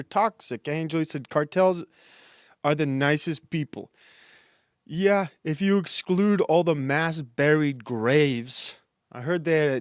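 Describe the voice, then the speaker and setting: A man's voice: fairly high pitch, no echo, studio quality. A young man rambling through a self-deprecating comedic livestream monologue and reading the chat. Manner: rambling, self-deprecating, frequent restarts and laughs. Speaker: streamer and comedian.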